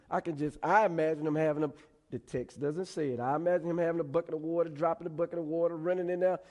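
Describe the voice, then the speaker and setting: A male preacher giving a conversational sermon with animated storytelling. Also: on the high side, fast, big-room sound.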